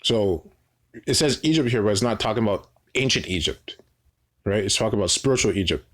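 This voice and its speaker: A man's voice: on the low side, animated, brisk, fairly bright tone. A man reading Bible verses aloud and explaining them informally, often adding "right?" and restarting his phrases. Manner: repeats "right?" as a tag, frequent restarts. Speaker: Bible teacher. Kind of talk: informal scripture teaching.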